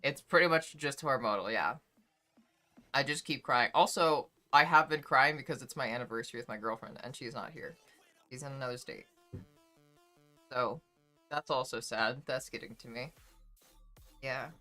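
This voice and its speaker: A woman's voice: extremely low pitch, normal speed, long pauses, sharp tone, faint music behind. A young woman livestreamer chatting casually with her viewers, emotional and close to tears, swearing freely as she reads chat aloud.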